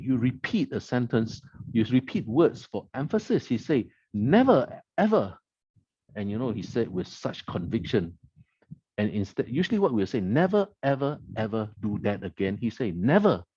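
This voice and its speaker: Reviewing the night's speeches as a club meeting evaluator, a man analytically quotes lines and identifies the rhetorical devices in them. He has a fairly low, warm voice with a breathy edge, captured in a muffled recording with no room sound.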